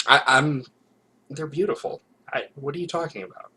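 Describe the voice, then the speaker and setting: A man's voice: on the high side, moderate pace, bright, forceful tone, slight background noise. A man co-hosting a casual podcast, talking in a playful, hesitant way with many fillers. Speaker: podcast co-host. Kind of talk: casual chat. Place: home, recorded live.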